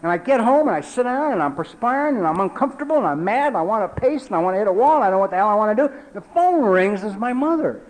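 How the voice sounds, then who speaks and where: A man in his forties telling a personal recovery story at a meeting, talking conversationally with lots of "you know" and dropping low and quiet for emphasis. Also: lively intonation, quick pace, few pauses, poor audio. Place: meeting hall.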